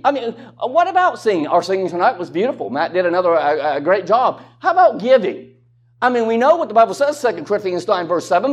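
A man preaching a sermon in a conversational way, with rhetorical questions and joking asides. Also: high voice.

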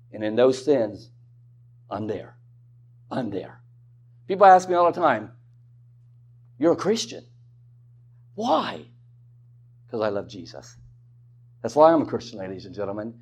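Lively man preaching a sermon. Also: medium pitch, slightly rough. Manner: conversational, rhetorical questions, joking asides.

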